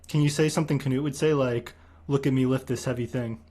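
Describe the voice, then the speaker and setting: Deadpan monotone man hosting a stream. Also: medium pitch, fast talker. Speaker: streamer host. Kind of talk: casual chat on a stream.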